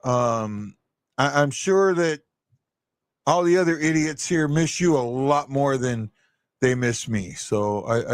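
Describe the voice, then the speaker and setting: A man's voice: medium pitch, takes it slowly, no echo, clean studio sound. A man hosting a live stream, talking casually and bluntly, rambling with many restarts and the odd swear word. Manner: blunt and opinionated.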